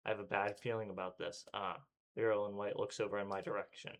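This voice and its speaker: A man's voice: on the low side, flat delivery, fast talker. A male streamer reading a visual novel aloud with dramatic delivery, acting out panting and breathlessness.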